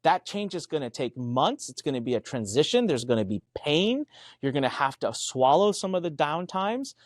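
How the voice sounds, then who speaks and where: A man's voice: a little high, very animated, normal speed, no room sound, clean studio sound. A man co-hosting a business podcast, telling stories emphatically, acting out quoted dialogue and swearing casually. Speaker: podcast co-host. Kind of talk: animated business podcast chat.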